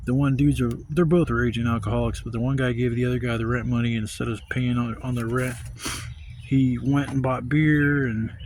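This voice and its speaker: A man vlogging from a campsite outdoors, telling a profane, animated story and acting out other people's voices. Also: mid-range voice, slight background noise. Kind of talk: casual storytelling rant.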